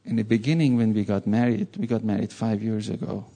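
A man's voice: on the low side, fairly even intonation, a little fast, creaky, mellow. A man preaching a sermon, telling a personal story in an earnest way and repeating words for stress.

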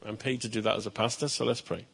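A male pastor telling a story to children in church, lively, with chatty asides. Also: fairly low pitch, quick pace, vocal fry, husky.

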